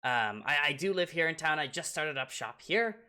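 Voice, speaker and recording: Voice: mid-range voice, animated, moderate pace, pushed and bright. A game master voicing a polite, eager little gnome craftsman who hesitates and talks in a fussy, courteous way. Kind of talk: voicing characters in a tabletop game.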